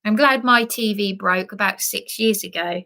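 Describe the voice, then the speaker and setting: A woman's voice: medium pitch, moderate pace, gravelly, bright, forceful tone. A woman delivering an agitated vlog rant, repeating and restarting herself for emphasis. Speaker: vlogger. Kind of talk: emotional monologue rant.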